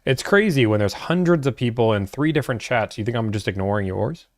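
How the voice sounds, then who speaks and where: A young man chats casually on a livestream, answering viewers' questions one after another. His voice sits at an ordinary middle pitch, and the sound is dry and close with no room echo. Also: animated, brisk. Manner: laid-back, chatty, answers chat questions. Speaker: livestream host answering chat.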